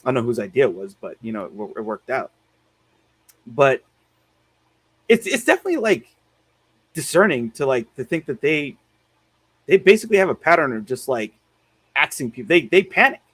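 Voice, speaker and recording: A man's voice: medium pitch, a bit bright, no room sound. A man hosting a casual film review podcast, rambling with many fillers and restarts. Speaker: podcast host.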